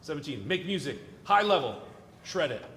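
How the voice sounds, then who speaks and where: A man's voice: fairly high pitch, sing-song, moderate pace, fairly bright tone, slight background noise. A man leading an orchestra rehearsal, joking and encouraging the players as he coaches them. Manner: playful, encouraging, jokey. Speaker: orchestra conductor. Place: large concert hall. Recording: echoey hall with long reverb.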